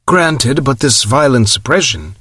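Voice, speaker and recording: A man's voice: medium pitch, lively intonation, measured pace, bright, forceful tone, breathy edge, no echo, clean studio sound, heavily acted. A man voicing a firm, practical male official arguing his case in an audiobook.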